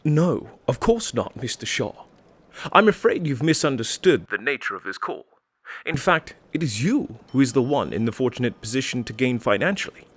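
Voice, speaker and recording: A man playing a polite, smooth-talking English phone scammer in a comedy sketch, formal and unflappable, with an English accent. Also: medium pitch, big pitch swings, normal speed. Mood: patient. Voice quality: velvet smooth, courteous.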